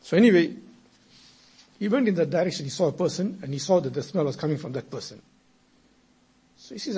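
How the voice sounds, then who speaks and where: A man giving a sermon, telling moral stories and building from quiet narration into emphatic exhortation. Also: fairly high pitch, animated, fairly quick, long pauses, breathy edge. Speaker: preacher. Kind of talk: storytelling sermon.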